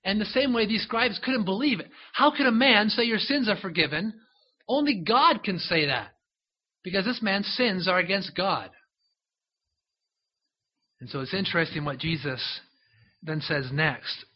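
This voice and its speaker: A man delivers a sermon in a relaxed, storytelling way, as if talking straight to his listeners and drawing them in with asides. His voice sits a little high with a husky, breathy edge. The recording sounds dull and lo-fi. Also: measured pace, long pauses. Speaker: preacher. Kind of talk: sermon, retelling a Bible story.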